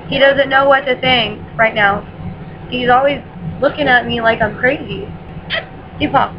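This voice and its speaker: Her pitch is fairly high and her pace measured, with noise in the background. A mother and vlogger, she talks casually in a nighttime home vlog captured by her laptop webcam, now and then switching to baby talk for her dog. Music plays behind the dull, lo-fi webcam sound.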